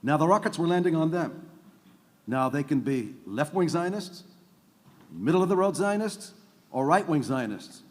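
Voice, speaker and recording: A man's voice: a little high, lively intonation, normal speed, a little mellow. A man speaking on a conference panel, making emphatic points and tagging them with "okay?" and "by the way". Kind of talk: panel discussion talk. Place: large conference hall. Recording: long hall reverb.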